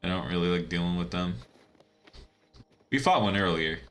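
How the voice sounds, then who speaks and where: A man's voice: sits low, animated, normal speed, soft background music. A man giving casual, rambling commentary while playing a video game, chatty and laughing at his own asides. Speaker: let's-play gamer.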